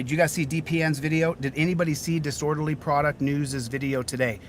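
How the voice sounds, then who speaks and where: A man with a slightly high voice talks at a quick pace in a steady tone, hosting a casual outdoor livestream for his channel. He's hot and sweating and rambles, repeating many phrases. The low-quality recording carries a little hiss or hum.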